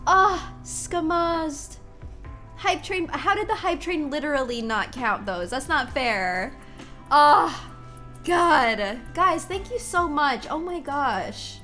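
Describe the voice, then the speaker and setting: Here a female streamer talks with her live-stream audience, giggling, gushing and exclaiming a lot. She speaks slowly in a high-pitched, sing-song voice with a sharp tone, over faint background music.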